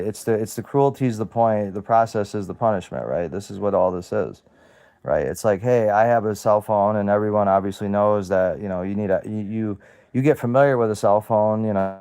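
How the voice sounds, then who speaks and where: A man's voice: fairly low pitch, darkish tone. A man in his thirties from the United States, ranting to camera, profane and sarcastic, often repeating himself and trailing off. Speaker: self-represented litigant. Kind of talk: angry direct-to-camera rant.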